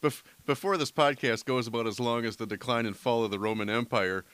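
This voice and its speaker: A man's voice: mid-range voice, fairly even intonation, brisk, a bit bright, no room sound. A man hosting a podcast, asking questions casually and joking with a laugh. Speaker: podcast host.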